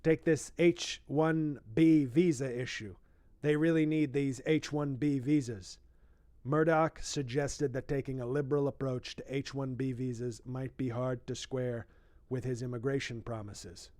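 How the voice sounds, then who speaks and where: A boastful, rambling older politician , as a man puts him on in a comic impression, reading a book aloud and stopping again and again to brag about himself. The voice sits at a middle pitch and sounds close and dry, with no room around it. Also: steady tone, measured pace, darkish tone, no echo, natural voice. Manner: boastful, rambling, interrupts his own reading with asides.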